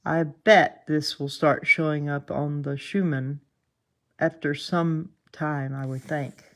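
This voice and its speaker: A woman's voice: sits low, fairly even intonation, slow pace, fairly bright tone. A woman with a Southern US accent, just woken up and sleepy, chatting casually through a live stream as she thinks aloud over space weather charts. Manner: chatty, laughs often, thinks aloud while scanning charts.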